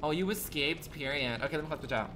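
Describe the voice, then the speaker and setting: A man's voice: on the high side, animated, quick pace, sharp tone, a little hiss or hum. A man livestreaming a game, chatting with his viewers in a sassy, campy, profane way, full of rambling rhetorical questions. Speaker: gaming livestreamer. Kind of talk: casual stream chat.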